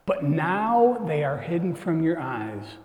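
A man preaching a sermon as pastor. He talks earnestly, dropping to hushed tones and then rising to emphatic points. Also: fairly high pitch, sing-song, slow pace. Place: church sanctuary. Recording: echoey hall, long reverb.

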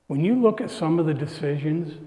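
A man preaching a sermon as pastor. He talks earnestly, dropping to hushed tones and then rising to emphatic points. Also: fairly high pitch, animated, a little fast. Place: church sanctuary. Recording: echoey hall, long reverb.

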